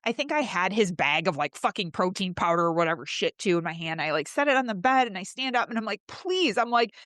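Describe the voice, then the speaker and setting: A woman's voice: fairly low pitch, animated, fast talker, fairly bright tone, no room sound, studio quality. A woman hosting a podcast, telling her own story candidly and emotionally, with swearing, and raising her voice when she acts out her past pleas. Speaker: host.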